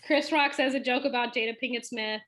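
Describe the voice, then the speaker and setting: A woman co-hosts a relaxed chat with a slightly high voice. She talks earnestly and leads the discussion, often trailing off mid-thought and starting again. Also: fairly quick. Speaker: podcast co-host. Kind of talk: casual chat.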